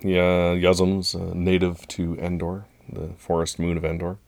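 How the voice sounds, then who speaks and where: A man co-hosting a podcast, recapping a show in casual chat, relaxed and laughing often. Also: sits low, unhurried, vocal fry, no echo. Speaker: podcast co-host.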